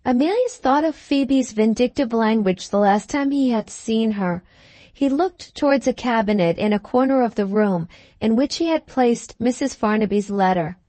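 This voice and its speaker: A woman narrating a Victorian novel as an audiobook in a measured, even storytelling manner. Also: on the high side, dry recording.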